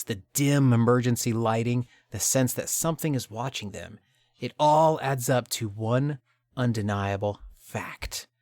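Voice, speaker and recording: A man's voice: medium pitch, a little mellow, no room sound, studio quality. A male podcast host retelling a video game's story, with dramatic storytelling and jokey asides.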